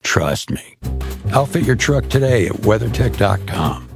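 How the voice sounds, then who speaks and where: A grumpy talking bear. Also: male voice, fairly low pitch, sing-song, a little slow, vocal fry, over music, full character voice. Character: grumpy talking bear, male, easily irritated. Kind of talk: scripted radio commercial.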